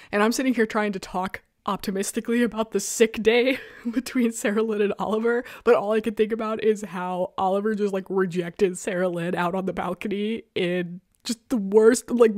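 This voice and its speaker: A woman hosting a casual talk show, chatting about comics in an animated, self-mocking way and laughing often. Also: mid-range voice, normal speed, no echo, clean studio sound. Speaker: podcast host reviewing webcomics. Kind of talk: casual chat. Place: rural home.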